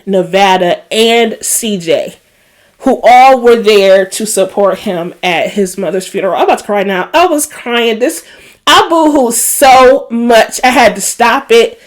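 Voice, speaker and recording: Chatty woman recapping TV episodes. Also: medium pitch. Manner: chatty and animated, emotional asides. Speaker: recap host.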